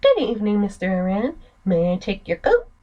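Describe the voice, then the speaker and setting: A woman's voice: mid-range voice, huge pitch swings, brisk, dark tone, lo-fi sound. A woman reading a polite young maid in a game, in a raised voice with an American accent.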